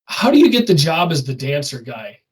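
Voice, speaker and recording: A man's voice: on the high side, sing-song, brisk, far from the mic, poor audio. A man co-hosting a podcast, chatting casually and often agreeing. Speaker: podcast co-host. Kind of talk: casual chat.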